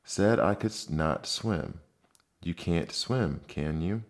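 A man's voice: low voice, slow pace. A man voicing a fussy, pompous old king who reasons aloud with self-satisfied mutterings. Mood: musing.

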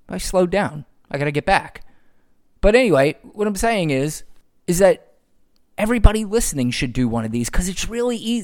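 Solo podcast host, man, slightly high voice, lively sarcastic rant. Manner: sarcastic, ranting, profane.

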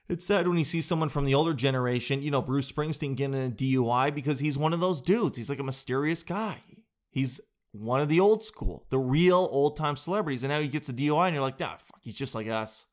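A man with a fairly high speaking voice riffs through a comic monologue. He tells his stories in an animated way, swears freely, and keeps the bits rolling. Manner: animated, profane storytelling. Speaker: comedian. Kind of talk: stand-up style comic monologue.

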